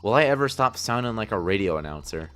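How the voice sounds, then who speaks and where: A man putting on a grand radio announcer voice to close a game episode, with a booming, dramatic cadence. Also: animated, fast talker, a bit bright, faint music behind.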